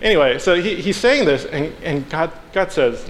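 A man's voice: on the high side, animated, moderate pace, few pauses. A man preaching a casual sermon, telling a story with playful asides and acting out the characters. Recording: long hall reverb, faint background noise.

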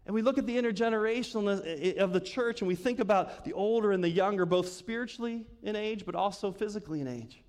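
Pastor, male, high voice, easygoing sermon delivery with questions to the congregation, church hall with long reverb. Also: fast, few pauses, darkish tone. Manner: conversational, asks the congregation questions, laughs often. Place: church sanctuary.

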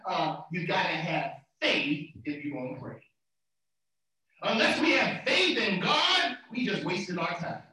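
Male preacher, high and animated, fervent delivery with repeated words; far-off mic, very roomy echo. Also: measured pace. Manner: fervent preaching that swings from soft talk to shouts; repeats words and phrases for emphasis. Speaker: pastor. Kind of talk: sermon.

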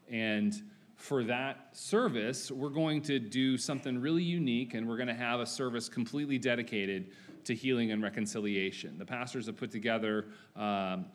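A man giving announcements at a church service, speaking hesitantly with many fillers. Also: lowish voice. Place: church sanctuary.

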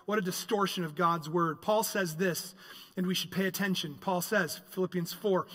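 A man preaching a sermon in a church sanctuary. His voice sits high and bright, and it rings out through a long hall reverb. He swings between loud, emphatic passages and hushed, reflective asides. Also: fairly even intonation, moderate pace. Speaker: pastor.

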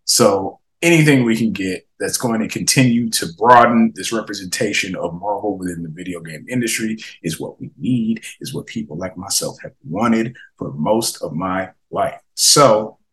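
Animated, slangy man hosting a gaming podcast. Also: on the low side, moderate pace, hardly any pauses, low-quality recording. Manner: animated, laughing, slangy reactions to viewer comments. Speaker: podcast host. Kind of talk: casual gaming podcast chat.

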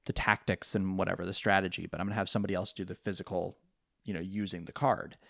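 A man's voice: low voice, level tone, fast talker, gravelly, fairly bright tone, dry recording, clean studio sound. A man casually voicing a smug, scheming male villain in offhand paraphrase.

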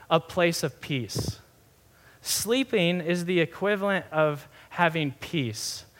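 A young man, a pastor, giving a sermon in a conversational, animated way with many asides. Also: high-pitched.

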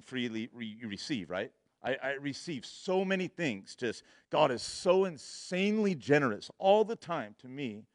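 Young male preacher, casual storyteller, laughs a lot, mid-pitched, dry close mic. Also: no echo. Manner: laughing often, casual slang, quotes himself in dialogue. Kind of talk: sermon storytelling.

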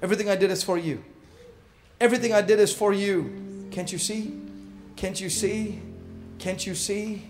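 A man preaching a sermon to his congregation, swinging between shouted fervor and hushed, intense passages. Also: sits high, steady tone, normal speed, long pauses, music in the background. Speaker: pastor.

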